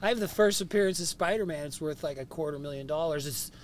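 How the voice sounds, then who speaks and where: A man from Canada with a high, raspy speaking voice, telling stories in casual chat and swearing freely. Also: fast talker. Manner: swears freely, jumps into voices mid-story. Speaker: podcast guest. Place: inside a van. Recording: faint noise in a vehicle.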